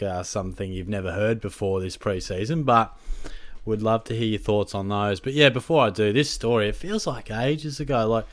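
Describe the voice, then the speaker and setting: Young australian man, rambling casual chat, laughs as he talks, mid-pitched, dry close sound. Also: no echo. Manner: rambling, chatty, laughs mid-sentence, swears freely. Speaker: fantasy football channel host.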